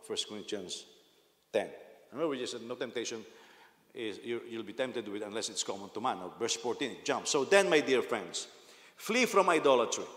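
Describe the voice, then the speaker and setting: A man preaching a sermon as pastor, telling a story and laughing at it as he goes. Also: mid-range voice. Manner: storytelling, laughs at his own anecdotes, acts out quotes. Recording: echoey hall with long reverb.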